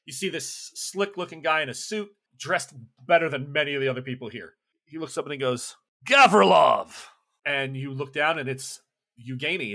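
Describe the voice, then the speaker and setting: A man's voice: fairly high pitch, a bit bright. A man narrating a tabletop game as game master, loose and chatty with many restarts.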